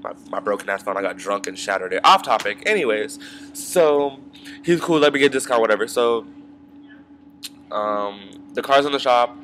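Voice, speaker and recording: A man's voice: fairly low pitch, animated, moderate pace, a bit bright, slight background noise. A young man telling a long story in a casual, rambling rant, swearing freely and filling it with ums and side remarks. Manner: rambling, profane, full of fillers and asides. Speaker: vlogger.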